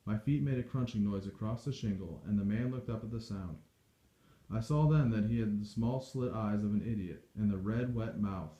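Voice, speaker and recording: A man reading a novel aloud in steady, measured storytelling. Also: on the low side. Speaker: audiobook reader. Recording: dull echoey home recording.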